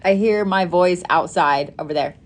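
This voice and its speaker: A woman hosting a casual live stream, telling stories with lots of swearing and lively asides to her audience. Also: on the low side, moderate pace. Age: adult parent. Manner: animated storytelling, frequent swearing. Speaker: live-stream host making custom bracelets.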